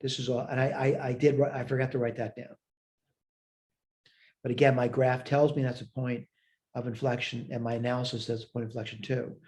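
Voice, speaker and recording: Mellow-voiced man teaching math. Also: medium pitch, level tone, fairly quick. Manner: talks through worked steps aloud, self-checking. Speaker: math instructor. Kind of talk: recorded math lecture.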